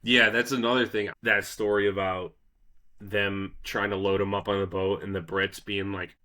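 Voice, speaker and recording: A man hosting a casual history podcast, telling the story in a loose, profane, animated way. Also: lowish voice, moderate pace. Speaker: podcast host.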